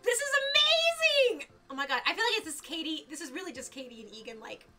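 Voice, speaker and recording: Excitable high-voiced young woman streamer. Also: racing, over music. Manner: excitable, gushing, squeals of delight. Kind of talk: live game commentary.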